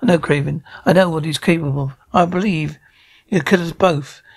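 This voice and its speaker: A man's voice: fairly high pitch, fairly even intonation, normal speed, vocal fry, slightly rough. A man reading a frightened woman in an amateur audio drama, reluctant and pleading. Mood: fearful. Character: frightened woman entangled with a criminal.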